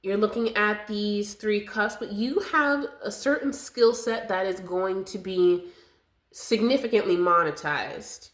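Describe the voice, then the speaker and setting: A woman doing a collective tarot reading to camera, soothing and affectionate, a little winded. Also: mid-range voice. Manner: slow, soothing and affectionate, calls viewers loves and darling. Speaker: tarot reader.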